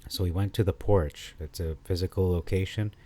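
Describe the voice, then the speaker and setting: A man giving casual commentary on scripture, thinking aloud with frequent pauses, fillers and restarts. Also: low voice, steady tone, dark tone.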